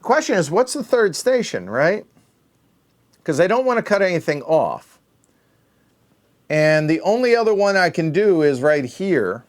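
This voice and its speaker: A man's voice: high voice, big pitch swings, measured pace, pauses often. A middle-aged man playing a solo board game, counting aloud under his breath and correcting himself as he thinks. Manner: muttering, self-correcting. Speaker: board game show host.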